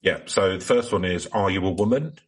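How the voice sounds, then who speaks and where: Guy putting on a smug cult guru, deep husky voice, totally deadpan. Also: brisk. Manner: deadpan, mock-solemn pitch. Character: self-righteous male cult guru recruiting followers. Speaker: guest. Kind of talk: comedic improvised role-play.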